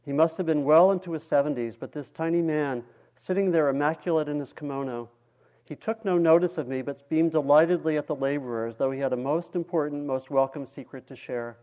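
A male meditation teacher reading a story aloud during a dharma talk, in a calm, measured way. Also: a little high.

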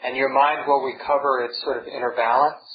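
A man giving a dharma talk as a meditation teacher, calm and reflective, speaking in gentle repeated phrases. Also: medium pitch, fairly quick, highs cut off. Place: meditation hall with a group.

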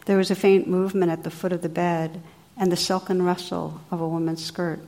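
A woman meditation teacher reads an old legend aloud within a talk. Her voice is lowish and calm. She tells the story in an expressive, unhurried way.

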